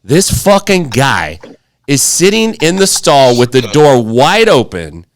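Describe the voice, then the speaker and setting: Man, podcast co-host, casual storytelling, lively up-and-down pitch, dry close sound, swears a lot. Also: takes it slowly, no room sound. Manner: animated storyteller, swears freely, acts out quotes.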